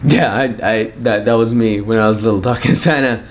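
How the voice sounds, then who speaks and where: A man's voice: fairly low pitch, fairly even intonation, brisk, few pauses. A young man vlogging, telling a comic story in an exasperated, repetitive, mock-indignant way. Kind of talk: comedic storytelling rant.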